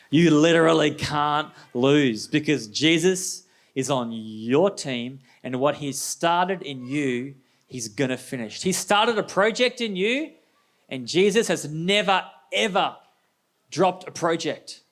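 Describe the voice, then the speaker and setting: A man preaching a sermon as pastor, energetic and conversational, throwing rhetorical questions at the congregation. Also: fairly high pitch, unhurried.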